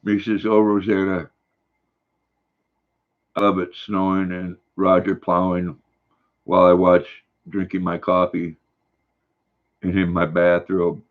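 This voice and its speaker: A man's voice: sits low, flat delivery, slow pace, long pauses. An older man, casually chatting on a livestream and reading out viewer comments in a folksy, rambling way. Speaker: livestream host. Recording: dull lo-fi recording.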